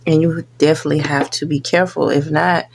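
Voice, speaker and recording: A woman's voice: sits low, steady tone, quick pace, gravelly, a little hiss or hum. A woman hosting a reaction video, talking casually and earnestly warning her viewers.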